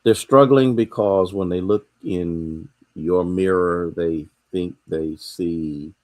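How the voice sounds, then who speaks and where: A man's voice: low-pitched, slow, a little mellow. A man with an American accent, a pastor giving a casual, conversational midweek sermon on a livestream, greeting online viewers by name.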